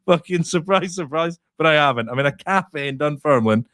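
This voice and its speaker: A Scottish man, a comedian guest, telling a sweary, animated anecdote in casual chat. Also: fairly high pitch, brisk, no echo, clean studio sound. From Scotland.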